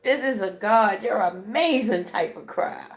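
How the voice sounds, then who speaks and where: A tearful woman speaks slowly and deliberately, crying as she talks. Her delivery is emphatic and repetitive, full of little "right?" check-ins, like a heartfelt motivational talk. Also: medium pitch, lively intonation. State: tearful, crying while talking. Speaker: vlogger.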